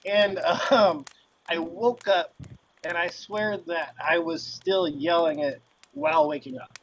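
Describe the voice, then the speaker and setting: A man's voice: high-pitched, animated, slow, gravelly, a little hiss or hum, low-quality recording. Man, podcast co-host, casual storytelling, rambling, laughing, restarts.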